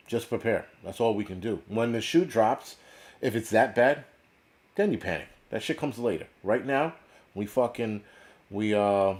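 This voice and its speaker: A middle-aged man from the United States with a fairly low voice, talking in a loose, profane livestream rant. He swears constantly, repeats himself and restarts sentences as he goes. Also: darkish tone. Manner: blunt, swearing, repetitive restarts. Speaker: prepper channel host.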